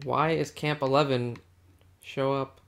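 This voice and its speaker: Gravelly and a little slow, this man's mid-range voice has a flat delivery. He's chatting casually with a friend over a video game, playfully teasing and cracking jokes, sometimes in a mock-regal manner.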